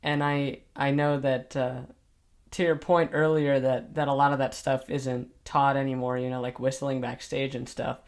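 A man's voice: medium pitch, level tone, normal speed. Hesitant teenage boy hosting. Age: teens. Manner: hesitant, lots of fillers and restarts. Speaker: host. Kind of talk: casual interview chat.

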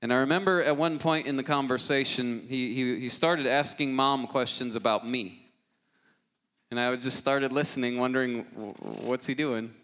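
A man preaching a sermon as lead pastor, moving from a family story to forceful exhortation. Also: mid-range voice, steady tone, normal speed, clean tone. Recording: long hall reverb with loud music beneath. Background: loud guitar music.

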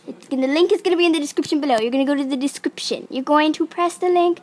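Excitable high-voiced young woman vlogging. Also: very fast, few pauses. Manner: excitable, rambling, many "like" fillers. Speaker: YouTuber. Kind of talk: casual screen-recorded vlog.

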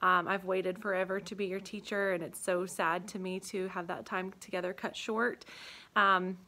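Woman, young adult, third grade teacher, emotional farewell, near tears, hesitant ums, bright tone. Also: fairly low pitch, flat delivery, moderate pace, slight background noise. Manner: emotional, holding back tears, many ums. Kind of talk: heartfelt farewell video message. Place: empty classroom.

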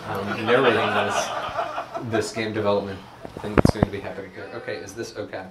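Low-voiced man giving a chatty tech talk in an echoey room. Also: brisk. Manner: self-deprecating, chatty and animated. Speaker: conference speaker. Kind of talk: live coding talk. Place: event room with audience. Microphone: room mic from a distance. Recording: echoey room, distant mic, background noise.

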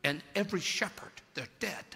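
Theatrical preacher with a bright, piercing voice. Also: male voice, brisk, gravelly. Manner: theatrical, swings from shouted peaks to hushed lows. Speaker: pastor. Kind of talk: dramatic sermon storytelling. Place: large church sanctuary. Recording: long hall reverb from a church service.

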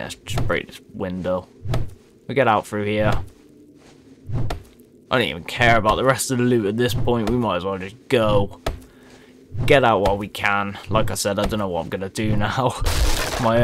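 A man's voice: lowish voice, normal speed, pauses often, noisy background. Swearing, frustrated young man gaming. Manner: frustrated, swears often, talks to viewers. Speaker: gaming video creator. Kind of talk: let's-play commentary.

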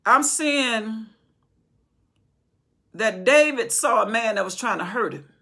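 A woman preacher teaches scripture with fervent, conversational energy, circling back and repeating words as she builds her point. Her voice is bright and forceful, with a husky grain. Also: a little high, animated, takes it slowly. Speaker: Bible teacher. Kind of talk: impassioned Bible study sermon.

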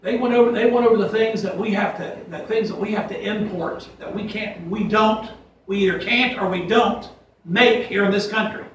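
Captured from a distance in an echoey church sanctuary with slight background noise, a male pastor gives a fiery sermon at a moderate pace. His voice sits high and a bit bright, and his preaching is folksy and emphatic, full of scripture quotes.

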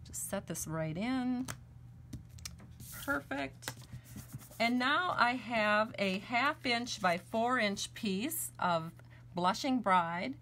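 A woman's voice: a little high, animated, extremely slow, pushed and bright, slight background noise. A woman hosting a live stamping and card-making demonstration at her crafting table. She talks in a chatty way and gushes over her work.

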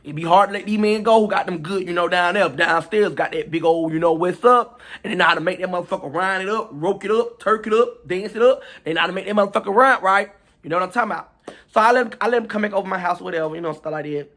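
A man telling a storytime vlog in a chatty, animated, profane gossip manner, talking straight to his viewers. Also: high-pitched, quick pace. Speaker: storytime vlogger.

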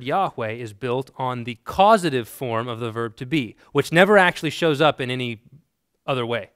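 Man teaching a theology lecture, smooth voice. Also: mid-range voice, dry recording, clean studio sound. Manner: conversational, emphatic, asks the class questions. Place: classroom.

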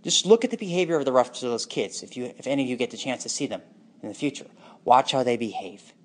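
A man speaking a raw, emotional personal monologue, anguished and bitter, moving between hushed and intense delivery. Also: mid-range voice, expressive, quick pace.

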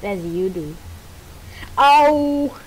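A woman giving casual gameplay commentary while playing with a friend, bursting into loud exclamations between muttered asides. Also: medium pitch, animated, extremely slow, husky, low-quality recording.

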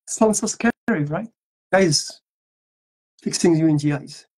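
A man from Algeria chats casually with fans during a live autograph stream. He jokes around and drifts between languages. His voice is a little husky, and he takes his time. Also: on the high side, low-quality recording. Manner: playful, joking, switching between languages. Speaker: voice actor at a fan autograph session. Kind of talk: casual livestream chat.

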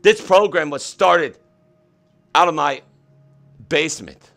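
A man hosting a comedic livestream, talking in an excitable, repetitive, mock-earnest way. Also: a little high, takes it slowly, gravelly, faint music behind. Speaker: host. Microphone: webcam setup.

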